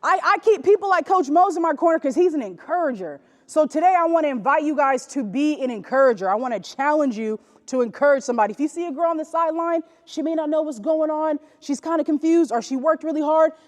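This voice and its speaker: A woman giving a motivational talk to young basketball players, leading energetic call-and-response. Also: high voice, fast talker, hardly any pauses. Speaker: youth basketball motivational speaker. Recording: echoey gym from a distance.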